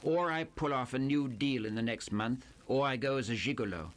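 A man's voice: medium pitch, normal speed, a little hiss or hum, close to an everyday voice. A man voicing a self-satisfied young playboy who drawls in broken English. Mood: drawling. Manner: lazy drawl.

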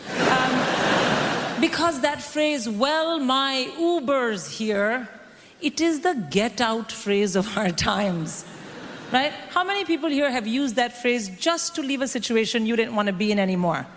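A woman in her forties doing a stand-up comedy set, brash and animated, acting out the people she quotes. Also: on the high side, a little slow. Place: comedy stage before a live audience. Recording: stage mic in a reverberant hall with audience noise.

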